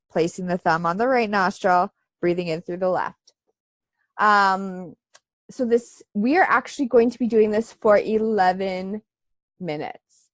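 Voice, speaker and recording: A woman leads a live online breathing class in an unhurried, easygoing way, with plenty of fillers along the way. Her voice sounds a little congested. The sound is dry and close, coming through a video call. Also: mid-range voice, no echo. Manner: relaxed, chatty instruction with frequent fillers. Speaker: yoga and breathwork teacher.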